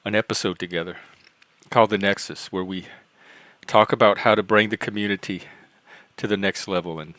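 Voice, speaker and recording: An American man hosting a casual live-stream chat on a video call, calmly reporting and chatting. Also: lowish voice, a little fast, pauses often, no echo. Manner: calm, plainly reports results.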